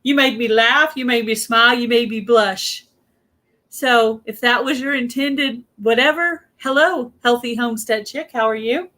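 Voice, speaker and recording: Bright-voiced Southern woman hosting a livestream. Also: on the high side, a little slow. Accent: Southern American. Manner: laughing, flustered, exclaiming. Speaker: livestream host. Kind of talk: casual live chat.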